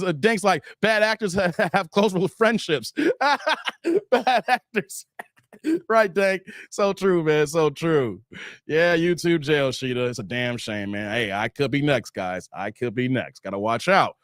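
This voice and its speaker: A middle-aged man chats on his livestream, reading out comments and greeting viewers one by one. His voice sits high for a man and jumps around as he jokes and laughs. The sound is dry and close, with no room around it. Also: no room sound. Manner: joking, animated, shouting out viewers. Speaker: livestream host.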